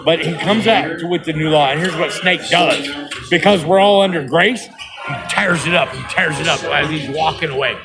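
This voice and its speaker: A man with a high, gravelly voice rambles through an excited comedic monologue and keeps checking that the listener is following. Music plays clearly behind him. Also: low-quality recording.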